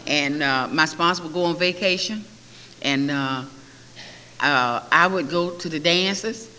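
A bright, sharp-toned older woman gives a personal testimony as a recovery meeting speaker. She tells her story vividly and slips into lively voices for the people in it. Her voice rings through an echoey hall over a faint hiss. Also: on the low side.

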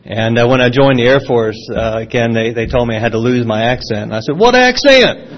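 A middle-aged man from Florida with a Southern accent gives a personal testimony to a live audience, his voice pitched at an ordinary middle. He tells the story in a folksy, self-deprecating way, restarting his phrases often. The recording sounds somewhat dull and lo-fi. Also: flat delivery, fast talker, slight background noise. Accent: Southern American. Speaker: speaker sharing a recovery testimony.

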